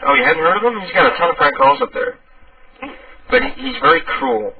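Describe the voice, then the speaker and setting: A man's voice: high-pitched, sing-song, fast talker, gravelly, a crowd in the background. A man hosting a prank call radio show, chatting casually and bluntly, with plenty of swearing. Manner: blunt, swearing, laughs easily. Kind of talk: casual chat. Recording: tinny phone-like, distant.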